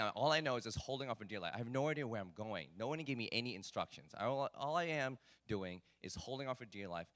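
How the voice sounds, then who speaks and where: A man telling a personal story at a live talk event, animated and self-mocking with lots of fillers. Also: medium pitch, fast, few pauses.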